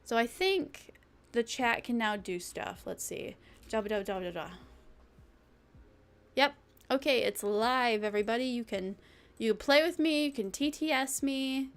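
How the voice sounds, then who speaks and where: A woman's voice: a little high, normal speed. A young woman streaming, chatting casually and playfully, rambling and breaking into silly sing-song. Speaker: vtuber streamer. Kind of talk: casual live-stream chat.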